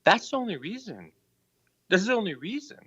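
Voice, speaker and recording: A man's voice: high voice, big pitch swings, normal speed, a bit bright, breathy edge. A male caller on a live stream, defensive and rambling, swearing a lot in a heated argument. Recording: dull lo-fi call-in audio.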